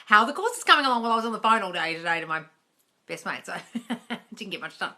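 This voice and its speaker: Young woman coach on a live q&a, bright sharp voice, chatty, swears a bit. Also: medium pitch, animated, quick pace. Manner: chatty, blunt, swears casually. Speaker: manifestation coach. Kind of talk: casual live-stream Q&A.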